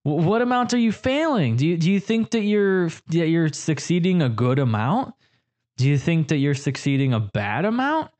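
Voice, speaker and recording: A man's voice: on the high side, sing-song, moderate pace, a little mellow. A young man hosting a podcast, rambling through crude jokes in a casual comedic monologue. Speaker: podcast host.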